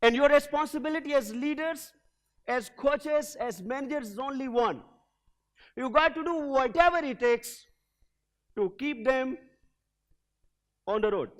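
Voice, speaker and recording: A man giving an energetic motivational keynote as a leadership coach in a hotel event hall, telling a story and leading the audience in call-and-response. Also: extremely high pitch, unhurried, pauses often.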